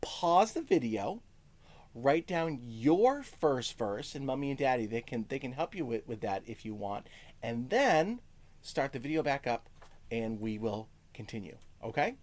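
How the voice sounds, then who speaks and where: A man teaches a music lesson to first graders, taking his time over each word. His voice rises and falls in a lively, animated way. He keeps checking that the children are following along. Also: medium pitch. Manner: encouraging, talks slowly to young children, sings short lines; lots of "okay?" check-ins.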